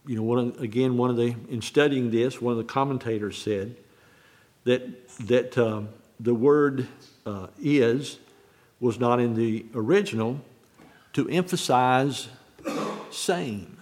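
A man preaching on a Bible verse, halting and restarting often, repeating key phrases slowly. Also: medium pitch, darkish tone. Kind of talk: sermon, unscripted Bible teaching.

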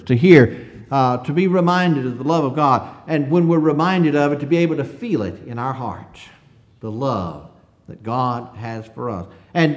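A man preaching a conversational sermon. He asks the congregation rhetorical questions and reads scripture slowly. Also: mid-range voice, a little mellow.

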